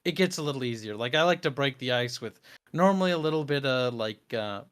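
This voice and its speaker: A man's voice: mid-range voice, brisk, smooth. A man with a Midwestern accent, a guest in a casual interview chat, talking animatedly and bluntly with some swearing. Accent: American Midwestern. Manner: animated, laughing, blunt and profane.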